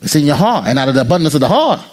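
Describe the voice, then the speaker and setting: A male pastor preaching an animated sermon, joking with the congregation and acting out people's inner voices. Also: fairly high pitch, rapid-fire. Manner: jokes and teases the congregation.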